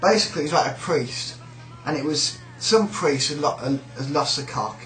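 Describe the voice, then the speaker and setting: A man's voice: a little high, expressive, normal speed, fairly bright tone, echoey room, soft background music, poor audio. A man with a British accent ranting in a sneering, rambling, sweary way about a coworker. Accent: British English. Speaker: shop worker. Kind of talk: casual rant.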